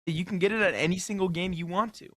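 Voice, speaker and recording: A man's voice: high voice, fast talker, sharp tone. A man co-hosting a radio sports talk show, bringing prepared topics and asking questions with a careful, hedging manner. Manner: prepared, asks questions, hedges with "I think".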